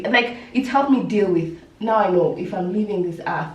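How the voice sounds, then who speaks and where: A woman chatting with friends, calmly explaining how she deals with setbacks. Her voice sits in the middle of the range. The room is echoey and she sounds slightly off-mic. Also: mid-range voice, normal speed, far from the mic, highs cut off. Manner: reflective, talks through her own coping habits. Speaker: podcast co-host. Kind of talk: casual group chat.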